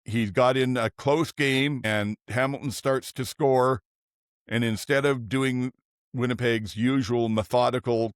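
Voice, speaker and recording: A man's voice: medium pitch, moderate pace, no room sound, studio quality. An older man hosting a podcast, chatting casually about football and thinking aloud as he goes. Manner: relaxed, thinks aloud with restarts. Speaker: podcast host. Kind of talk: casual sports chat.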